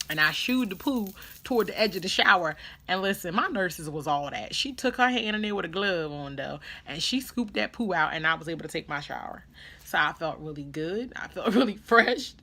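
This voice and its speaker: A young adult woman telling a story in a casual vlog, animated and dramatic as she acts out what people said. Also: mid-range voice, moderate pace. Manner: animated, dramatic retelling with quoted voices. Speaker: vlogger.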